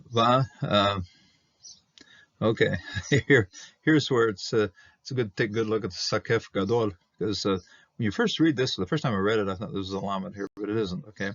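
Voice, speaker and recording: A man explaining an old text word by word, halting and thinking aloud with many fillers and restarts. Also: lowish voice, fairly bright tone, dry recording, dull audio. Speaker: Hebrew Bible teacher.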